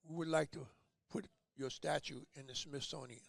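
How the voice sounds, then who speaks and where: A man's voice: fairly high pitch, fairly even intonation, moderate pace, gravelly, no room sound. An older man telling stories as an interview guest, acting out the voices of the people he quotes. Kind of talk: storytelling in conversation.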